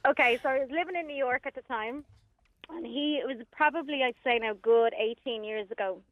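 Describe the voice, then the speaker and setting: A woman's voice: high-pitched, a little fast, no echo. A woman calling in to a radio show, chatty and telling her story. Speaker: caller. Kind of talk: phone-in chat. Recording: muffled phone line.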